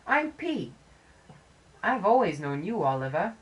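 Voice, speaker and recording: A woman doing a high, eager little spirit girl. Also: big pitch swings, a little slow, noisy background. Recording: game music playing under the voice.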